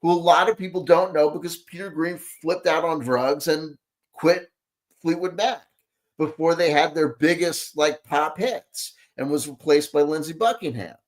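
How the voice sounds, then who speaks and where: A man's voice: on the high side, normal speed. A man ranting in reaction to a video, sarcastic and exasperated, rambling with lots of fillers. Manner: exasperated, sarcastic, talks back at the clip. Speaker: commentary host reacting to a clip.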